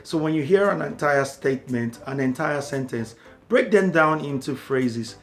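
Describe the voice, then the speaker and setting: A man's voice: fairly high pitch, animated, normal speed. A man tutoring for a language exam, explaining steadily and repeating key words for emphasis. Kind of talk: instructional talk to camera.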